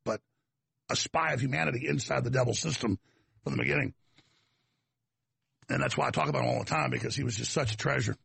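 A man's voice: mid-range voice, fast, vocal fry, pauses often, fairly bright tone, husky, no room sound. A man with a Texas accent, hosting a talk show in a rambling, combative, folksy monologue that wanders off on tangents.

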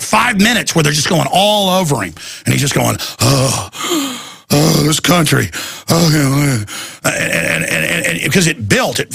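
Raspy, forceful man ranting as host. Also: on the high side, no room sound, clean studio sound. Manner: rambling, excitable, frequent restarts and stammers; slips into mocking voices for quotes. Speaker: talk show host. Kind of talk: ranting talk show monologue.

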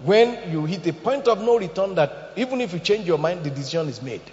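A male pastor preaching with a high, very animated voice that leaps between loud, forceful bursts and hushed asides, with joking touches along the way. The sound rings with long reverb through a large church hall and is slightly dull and muffled. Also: a little fast. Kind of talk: sermon.

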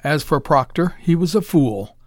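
A man voicing a cheerful, cruel male mad scientist who talks in a smooth, calm, condescending way. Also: fairly high pitch, normal speed, no room sound, studio quality. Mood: menacing.

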